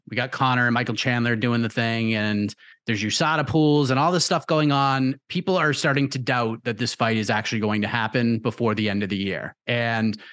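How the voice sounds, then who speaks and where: A man's voice: medium pitch, a bit bright. A man hosting a casual interview, talking in a chatty, enthusiastic way. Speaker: interview host.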